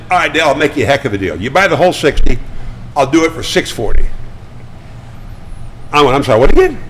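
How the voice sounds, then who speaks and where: An older man talking as a guest, spinning chatty, animated anecdotes with frequent stammered restarts. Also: sits high, a little hiss or hum, low-quality recording. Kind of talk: casual storytelling. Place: studio.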